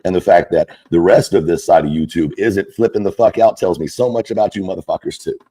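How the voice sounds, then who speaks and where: Man, dark low voice, husky, angry profane rant, mocking. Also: a little fast. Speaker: content creator. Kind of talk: angry ranting monologue.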